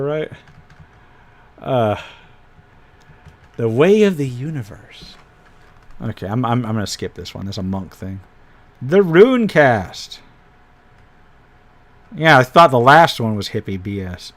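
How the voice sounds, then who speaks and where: A man's voice: mid-range voice, very animated, measured pace, pauses often. A man hosting a casual live stream, thinking aloud as he pages through tabletop game files and drops wry asides. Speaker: host reviewing tabletop game PDFs.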